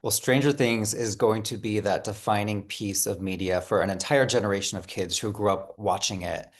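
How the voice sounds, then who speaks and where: A man interviewing an actor, asking measured, friendly questions. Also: lowish voice, fairly even intonation.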